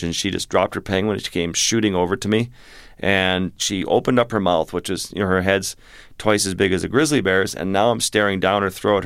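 In a clean, studio-quality recording with no echo, a deep-voiced man recounts an adventure as an interview guest. He's a wildlife photographer, and his storytelling is vivid and animated, with occasional restarts.

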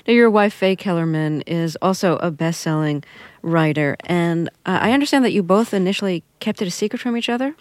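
An interview host introducing a guest and asking brisk questions. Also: medium pitch, dry recording. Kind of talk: radio interview.

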